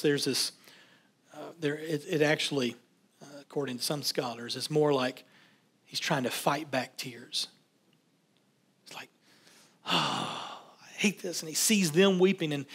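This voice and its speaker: A man with a high, bright voice preaching. He reads scripture aloud and breaks off to talk it through in a loose, conversational way. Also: slightly rough. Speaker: pastor. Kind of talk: sermon.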